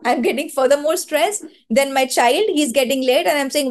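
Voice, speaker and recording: A woman's voice: high voice, moderate pace, hardly any pauses. Earnest Indian woman leading a webinar. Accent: Indian English. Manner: earnest, coaching, repeats words for emphasis. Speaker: webinar trainer. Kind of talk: online training webinar.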